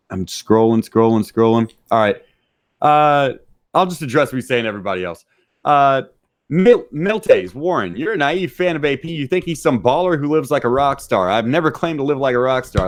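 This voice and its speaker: Brash, profane man riffing on live chat. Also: medium pitch. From Texas. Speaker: podcast guest. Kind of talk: crude casual chat reading live chat.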